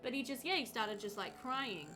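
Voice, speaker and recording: A woman streaming a game live, chatting with her viewers, reading their comments aloud and reacting with bright exclamations. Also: on the high side, expressive, normal speed. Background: game music.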